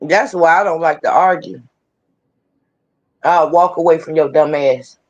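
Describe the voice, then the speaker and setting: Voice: mid-range voice, unhurried, highs cut off. A co-host in a casual talk, speaking frankly and emphatically, with a lot of swearing. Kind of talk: casual chat.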